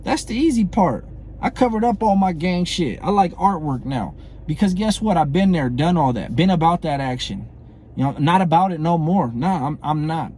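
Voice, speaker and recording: A man's voice: on the high side, animated, normal speed, dark tone, slight background noise. A middle-aged man, delivering a blunt, profane, confrontational monologue to camera and repeating himself for emphasis. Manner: heated, blunt, profane, repeats phrases and asks "you know what I'm saying". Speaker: former prison inmate calling out a comedian.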